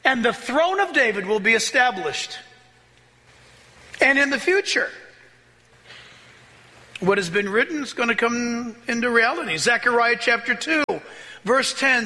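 A pastor preaching a sermon with excitable energy, often laughing and rising into shouts as he reads scripture. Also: very high voice, unhurried, long pauses. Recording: long reverb of a large hall.

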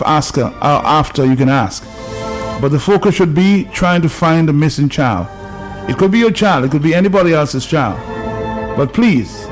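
Firm radio host, higher voice. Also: male voice. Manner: firm, repeats words to drive a point home. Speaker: radio talk show host. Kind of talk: call-in radio talk. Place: radio studio.

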